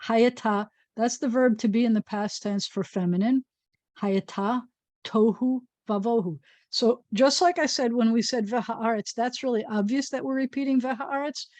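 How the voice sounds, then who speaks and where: A woman's voice: on the high side, a little mellow, no echo. Patient woman rabbi teaching Hebrew letters. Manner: patient, explains slowly and sounds out words. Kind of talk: online Hebrew reading lesson.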